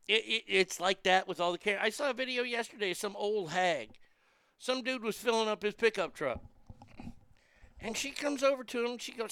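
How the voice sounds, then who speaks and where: A man's voice: high voice, lively intonation, fairly quick, pushed and bright, clear, resonant tone, no echo. A man hosting a show, ranting angrily with heavy swearing. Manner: profane, heated, swearing often. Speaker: host. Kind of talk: angry commentary rant.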